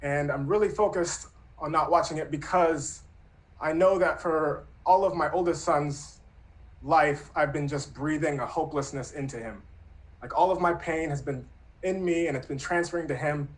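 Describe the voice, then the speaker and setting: A man's voice: on the high side, moderate pace, poor audio. A man in his thirties telling a true personal story in an earnest, reflective, conversational way. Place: Brooklyn.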